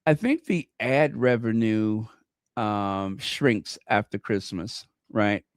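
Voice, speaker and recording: A man's voice: lowish voice, slow pace, clear, resonant tone, no echo, studio quality. A man hosting a casual livestream, gushing over gifts and greeting viewers by name. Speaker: channel host. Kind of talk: casual live-stream chat.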